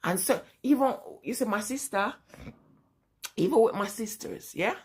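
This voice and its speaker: A middle-aged woman with a Jamaican lilt tells stories casually to her viewers. Her voice sits at a mid pitch, and she laughs easily and often as she talks. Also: normal speed, slightly rough. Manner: laughs often while telling family stories, animated. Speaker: vlogger. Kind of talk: casual storytelling.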